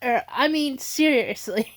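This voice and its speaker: Slow-talking high-voiced woman vlogger. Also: lively intonation. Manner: halting, many restarts and fillers; tearful and emotional in places. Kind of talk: casual vlog commentary.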